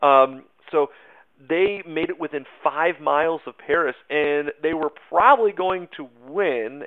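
Chatty man teaching history over tinny audio. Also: on the high side. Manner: informal, chatty, many fillers and asides. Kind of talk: casual recorded history lecture. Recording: narrow phone-like sound.

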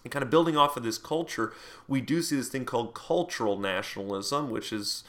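A man lecturing to a class in a relaxed, conversational manner. He wanders through fillers and side comments as he explains. His voice sits at an ordinary middle pitch. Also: a little fast. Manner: puts on mock voices for quoted speech. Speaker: teacher.

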